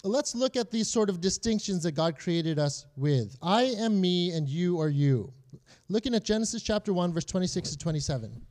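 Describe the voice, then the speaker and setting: High-voiced man teaching casually. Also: animated, moderate pace, darkish tone. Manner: conversational, often checks in with "okay?". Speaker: Bible teacher.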